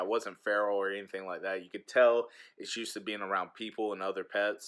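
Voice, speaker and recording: A man's voice: on the low side, sharp tone. A man who teaches eighth grade, chatting frankly and telling stories in a casual vlog into a handheld phone.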